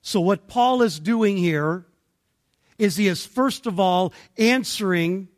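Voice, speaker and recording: A man preaching an expository sermon, deliberate and emphatic, pausing between phrases. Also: sits high. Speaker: pastor.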